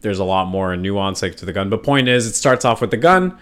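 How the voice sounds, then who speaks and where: A man's voice: on the low side, expressive, brisk. A man from Poland hosting a podcast in casual chat, rambling and swearing for emphasis. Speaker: podcast host.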